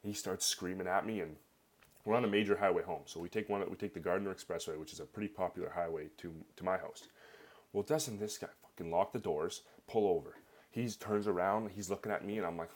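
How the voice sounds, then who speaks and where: A man's voice: deep voice, a little fast. A young Canadian man with a Canadian accent telling a personal story in a rambling, casual way, full of fillers. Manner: rambling, filler-heavy, animated.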